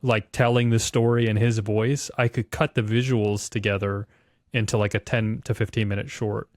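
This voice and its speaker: A man's voice: lowish voice, little pitch movement, normal speed, a little mellow, no echo, clean studio sound. A man co-hosting a casual podcast over a remote call, laid-back and swearing freely. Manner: laid-back, swears freely, quotes people in put-on voices. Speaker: podcast co-host. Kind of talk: casual chat. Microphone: remote recording call.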